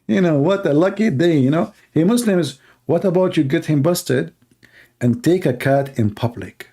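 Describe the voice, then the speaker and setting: A man's voice: on the high side, animated, normal speed, dark tone, breathy edge. Sarcastic man mocking a video. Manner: sarcastic, repeats himself, broken English grammar. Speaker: host.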